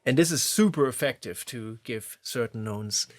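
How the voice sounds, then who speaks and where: A man teaching lead guitar phrasing, explaining in a relaxed, conversational way. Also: mid-range voice, moderate pace. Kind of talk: instructional explanation. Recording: loud guitar playing behind voice. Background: electric guitar playing.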